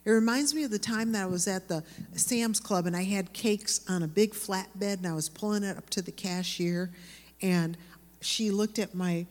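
A woman preaching to a room of women, earnest and lively as she tells stories. Her voice carries a long reverb, as if from a large hall. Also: medium pitch. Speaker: women's Bible teacher. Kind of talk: sermon to women.

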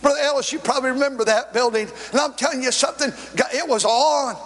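A man preaching in a big church, his voice unusually high for a man. He tells stories at a quick clip, then bursts into shouted, stretched-out lines, and a long reverb trails every phrase. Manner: storytelling preacher, swings from quick talk to shouted, drawn-out lines. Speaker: pastor. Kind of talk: sermon.

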